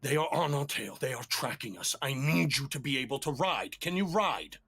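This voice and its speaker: A man voicing an urgent male ranger who barks loud orders in a commanding voice. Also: medium pitch, animated, normal speed, breathy edge, pitched above the performer's own voice, heavily acted. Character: urgent grown male ranger leading an escape.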